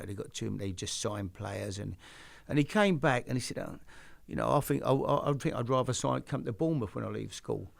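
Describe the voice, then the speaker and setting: Older man with a gravelly voice. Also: medium pitch. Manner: rambling, with many restarts and "you know". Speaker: host. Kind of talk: casual storytelling chat.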